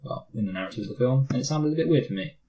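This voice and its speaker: Talking rapid-fire in an animated, mid-range voice with a dark tone, this Manchester-accented man co-hosts a laid-back movie podcast, rambling, self-deprecating and dropping into goofy voices. The sound is lo-fi.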